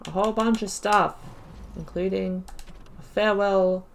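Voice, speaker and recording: A woman's voice: medium pitch, fairly even intonation, measured pace. A woman gamer giving casual let's play commentary, chatting and talking back to the characters on screen.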